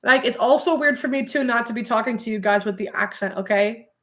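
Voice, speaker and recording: Chatty woman with a higher voice. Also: brisk, fairly bright tone. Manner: chatty, rambling, many "like" fillers, laughs often. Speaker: streamer. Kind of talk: casual livestream chat with viewers.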